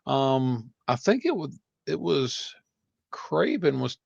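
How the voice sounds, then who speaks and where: A tired man with a gravelly voice co-hosts a casual livestream, greeting chat viewers by name in a relaxed, joking way. His mic sounds dull and a bit lo-fi, and the room is dry. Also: mid-range voice, slow, dry recording. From North Carolina. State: tired, yawning. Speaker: co-host of a livestream show.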